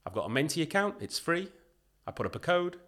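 A man's voice: on the high side, a little fast. Emphatic man in a podcast chat. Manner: emphatic and animated, acts out what people say. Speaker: podcast guest, leadership consultant. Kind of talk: conversational podcast interview.

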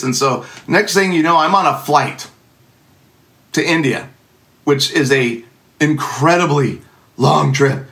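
A man's voice: on the high side, unhurried, pauses often, a bit bright. A middle-aged man telling a funny personal story in a casual, sarcastic, self-mocking way.

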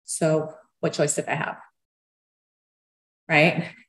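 A woman's voice: low voice, level tone, slow, a bit bright. A woman earnestly telling her own story, given to a nervous laugh. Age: adult parent of young children. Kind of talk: personal storytelling.

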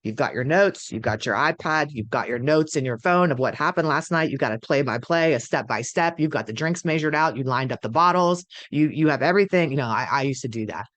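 A woman's voice: extremely low pitch, animated, fairly quick, hardly any pauses, a bit bright, no echo. A middle-aged woman coaching partners of addicts in an earnest, emphatic teaching talk, acting out the voices she quotes. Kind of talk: direct-to-camera teaching talk.

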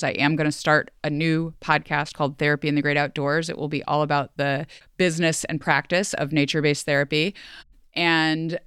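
In this heartfelt farewell on her solo podcast, a woman speaks earnestly and emotionally, nearly crying, her chatty delivery packed with fillers. Her voice sits low with a fairly bright, clean tone, and the recording has no room sound.

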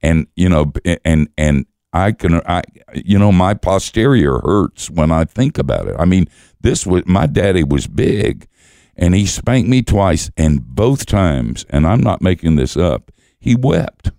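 A man's voice: deep voice, big pitch swings, a little slow, dark tone, no echo, studio quality. An older man, a guest teacher, telling stories in conversation with wry, self-mocking humor and frequent chuckles. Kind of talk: storytelling conversation.

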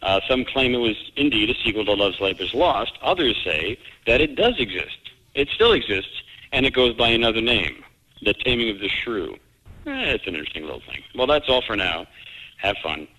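A man in a recorded contributor segment, speaking in a relaxed way. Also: lowish voice, normal speed, slight background noise, low-quality recording.

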